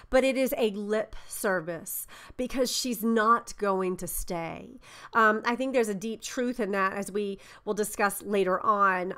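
A woman's voice: medium pitch, fairly bright tone. A woman teaching a Bible study in an earnest, conversational way, reading passages aloud and explaining them. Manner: earnest, conversational, with fillers and restarts.

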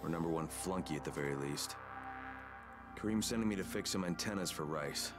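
A man plays a weary, blunt male agent with a very deep voice and a dry, sardonic edge. He swears casually and sounds fed up with errands. Loud game music plays under him. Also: fairly quick, close to an everyday voice. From Chicago (character).

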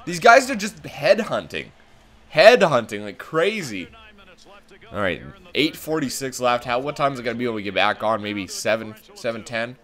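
A man's voice: medium pitch, lively intonation, normal speed, fairly bright tone. A man commenting on his own hockey video game play, calling the action like a broadcaster and swearing when it goes wrong. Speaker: gaming channel host.

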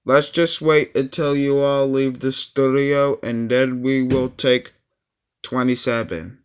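Slow, smooth-voiced man directing takes. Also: mid-range voice, steady tone. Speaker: video maker voicing his own blooper skit. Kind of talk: homemade cartoon blooper skit.

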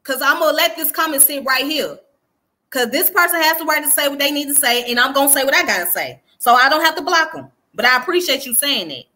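A woman's voice: high voice, expressive, fast, bright, forceful tone. A woman with a Southern US accent giving frank, casual commentary as she answers viewer comments, repeating her points for emphasis. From Southern United States.

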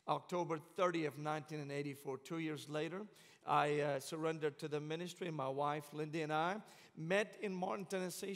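A middle-aged man with a Syrian accent, preaching a sermon with passion and humor in a large church sanctuary. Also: a little high. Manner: passionate, joking storyteller. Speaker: guest preacher. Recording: long church reverb.

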